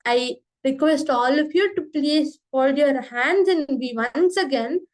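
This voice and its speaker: A woman teaching children, telling a story in a slow, clear and expressive way. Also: high-pitched, rough recording.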